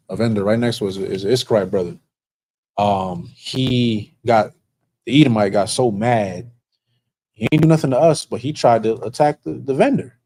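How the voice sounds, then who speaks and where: Low-voiced man telling a rambling story. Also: a little mellow, slight background noise, poor audio. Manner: rambling, many fillers and restarts, earnest. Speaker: officer of a religious group. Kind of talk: casual storytelling.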